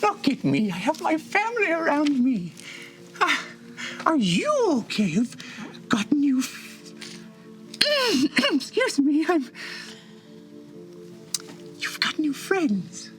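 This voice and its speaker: Man doing old female gnome grandma, frail, breathy, high, tender, reassuring, tabletop game. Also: huge pitch swings, slow, long pauses, fairly bright tone, soft background music, full character voice. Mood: tender, proud.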